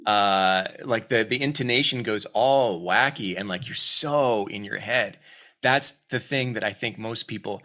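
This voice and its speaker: A voice actor chatting casually in an interview, lively and acting out quoted lines as he coaches. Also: fairly low pitch, a little slow. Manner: animated, acts out quoted voices. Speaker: voice actor guest.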